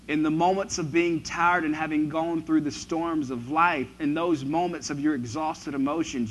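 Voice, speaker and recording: A man preaching a sermon who moves from quiet, reflective passages to loud, emphatic ones. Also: a little high, fairly even intonation, moderate pace, few pauses, a little hiss or hum, low-quality recording.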